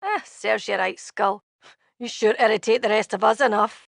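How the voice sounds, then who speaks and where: An actress playing a blunt, sharp-tongued young female tiefling thief with a tail in game dialogue. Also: fairly high pitch, moderate pace, gravelly, no echo, studio quality. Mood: scornful.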